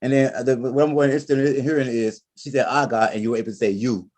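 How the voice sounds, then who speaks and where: A man's voice: mid-range voice, steady tone, quick pace, darkish tone. A man teaching a Spanish class, correcting students patiently and repeating his words. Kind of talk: online class instruction.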